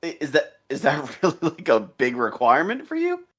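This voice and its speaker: A man's voice: on the high side, huge pitch swings, fairly quick, fairly bright tone, breathy edge. A man co-hosting a casual gaming podcast, laid-back and teasing. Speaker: podcast co-host.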